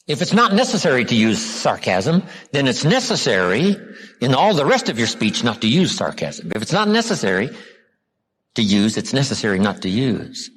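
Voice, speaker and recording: An older American man, a motivational speaker, giving a live seminar lecture to an audience, asking rhetorical questions and repeating key words with slow, drawn-out emphasis. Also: mid-range voice, big pitch swings, a bit bright, slightly rough. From United States. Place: large hall with a live audience. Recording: live hall recording with long reverb.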